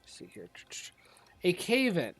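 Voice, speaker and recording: A man's voice: high-pitched, wildly swooping pitch, a little slow, fairly bright tone, breathy edge, no echo, faint music behind. A man narrating as game master in an online tabletop game, often trailing off with fillers. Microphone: online voice call.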